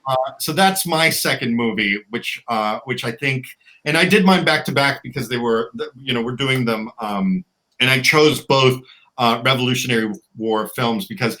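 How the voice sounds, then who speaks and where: Man, podcast co-host, crisp bright tone, rambly casual talk, dry humor. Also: medium pitch, rough recording. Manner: rambling, with many restarts and fillers; wry, offhand humor. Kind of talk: casual chat.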